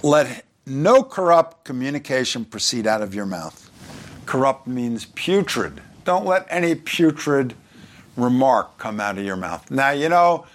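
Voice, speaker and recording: A pastor from New York with a New York accent, preaching in a conversational way with joking asides and scripture read aloud. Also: male voice, mid-range voice, sing-song, a little slow. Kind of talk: sermon.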